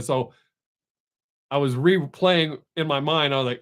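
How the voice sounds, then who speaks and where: With a fairly high, fairly bright voice and a slightly slow pace, a middle-aged man hosts a live stream. He talks loosely with his audience, drifting, cursing, and restarting a lot.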